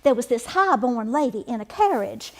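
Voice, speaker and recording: A woman's voice: a little high, big pitch swings, normal speed, darkish tone. A woman playing a gossipy 1880s wife. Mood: chatty. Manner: gossipy, laughing, folksy. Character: chatty 1880s river-town wife and mother. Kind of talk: period character monologue.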